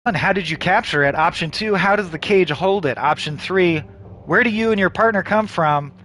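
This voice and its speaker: A man with a high-pitched, sharp voice plays a video game aloud at a moderate pace, reading out its text. Between read-outs he drops casual, profane asides as he narrates the playthrough.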